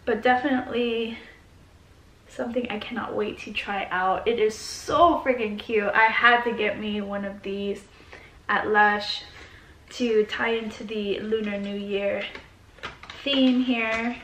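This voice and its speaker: Unhurried chatty woman vlogger at home, gushing, echoey room with faint hiss. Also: medium pitch, fairly bright tone. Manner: gushing, chatty, lots of fillers. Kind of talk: casual unboxing chat. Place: her home.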